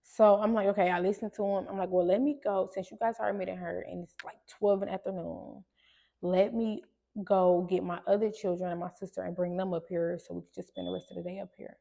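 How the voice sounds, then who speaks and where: Podcast host, woman, gravelly voice, loose storytelling with lots of fillers. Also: lowish voice, level tone, quick pace, mellow, highs cut off. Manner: conversational, many fillers and restarts. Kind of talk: personal storytelling to listeners.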